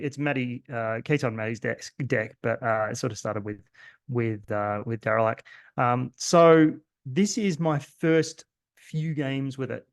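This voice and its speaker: Gravelly-voiced Australian man. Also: mid-range voice, dry recording, studio quality. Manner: rambling, self-deprecating, many fillers and restarts. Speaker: host. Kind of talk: casual gameplay commentary.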